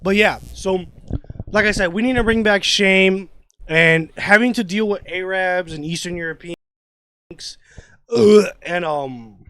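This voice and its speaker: A man's voice: high-pitched, measured pace, a bit bright, clean tone, no room sound. A man hosting a podcast, talking in a profane, rambling rant full of restarts. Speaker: podcast host. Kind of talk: casual podcast chat.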